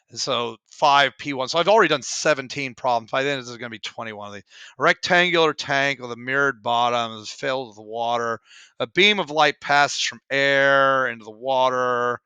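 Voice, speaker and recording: Middle-aged male teacher at home, wry, complaining solo walkthrough, crisp clear tone. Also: mid-range voice, normal speed, pushed and bright, no echo. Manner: grumbling, self-deprecating, wry asides. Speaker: physics teacher working exam problems. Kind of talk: casual solo problem walkthrough. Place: home room.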